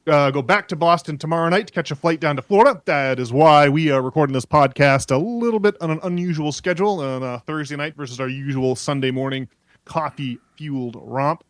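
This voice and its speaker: A man's voice: fairly high pitch, brisk, no echo. Rambling man on a casual podcast. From New England. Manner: rambling, with many fillers and restarts. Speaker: podcast co-host.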